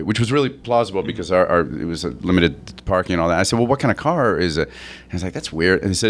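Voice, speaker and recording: A middle-aged man with a fairly low voice tells a long anecdote in a loose, rambling way. He stops and restarts often, laughs along, and jumps up in pitch whenever he quotes someone else. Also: animated, fast talker. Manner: acts out others' lines in a raised voice. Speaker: interview guest, actor. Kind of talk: casual anecdote telling.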